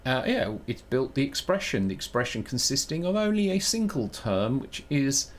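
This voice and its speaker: A man's voice: mid-range voice, very animated, moderate pace. A man chatting casually on a live stream while he programs, thinking aloud, joking at his own expense and switching between English and Italian. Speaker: live streamer coding on air.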